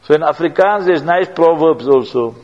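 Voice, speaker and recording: A South African man preaching to a gathering, his voice pitched high and carried by long hall reverb. He tells stories in loose, repetitive phrasing, and the recording sounds dull and lo-fi. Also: expressive, moderate pace. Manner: anecdotal, repetitive, non-standard grammar. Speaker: Islamic preacher. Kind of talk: sermon with storytelling.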